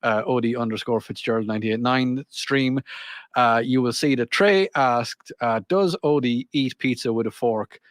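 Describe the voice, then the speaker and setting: A man's voice: medium pitch, moderate pace, no room sound, studio quality. A man from Ireland with an Irish accent, co-hosting a casual radio chat show and joking often. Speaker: co-host.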